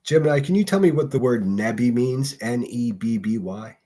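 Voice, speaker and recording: Here the Pittsburgh livestream host sounds mellow, with medium pitch, lively intonation, and a moderate pace. He still has that faint accent and rambles profanely in casual solo chat with his audience.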